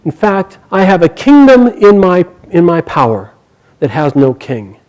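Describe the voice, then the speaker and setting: A man plays a proud young prince making a grand proclamation. The voice rides fairly high for a man, with a lofty, declaring manner. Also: very animated, unhurried, darkish tone, rough recording. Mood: proclaiming. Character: proud young male prince crowning an ally.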